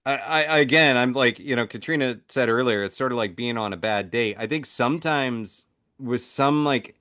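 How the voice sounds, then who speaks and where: A man's voice: mid-range voice, moderate pace, smooth. A man hosting a casual talk show chat, telling stories and acting out little voices as he goes. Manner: animated, acts out voices in his stories. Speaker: podcast host.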